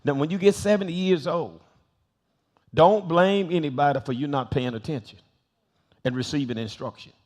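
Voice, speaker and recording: A man's voice: fairly high pitch, normal speed, long pauses, darkish tone. Older male pastor, storytelling sermon. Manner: storytelling, acts out quoted voices, repeats phrases for emphasis. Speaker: bishop and senior pastor. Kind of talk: sermon-style Bible teaching with stories. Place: church sanctuary.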